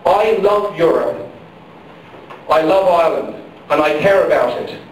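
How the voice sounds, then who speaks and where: At a public forum in a big hall hit by a power failure, a middle-aged campaign speaker makes an impassioned political address, repeating questions and phrases to stress them. His fairly high voice is animated and measured in pace. The sound is picked up from a distance, very echoey, with faint noise.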